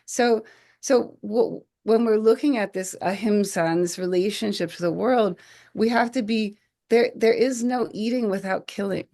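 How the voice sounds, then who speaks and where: A woman in her forties, a podcast guest, telling stories in an animated way, acting out quotes and often restarting her phrases. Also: mid-range voice, normal speed. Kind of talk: conversational podcast storytelling.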